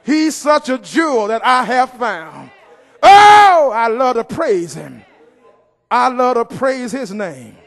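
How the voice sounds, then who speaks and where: A man, preaching in a church. He delivers his sermon slowly and with great force, shouting and half-singing as he calls out to the congregation. His voice rings with the long reverb of a large hall. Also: very high voice, sing-song.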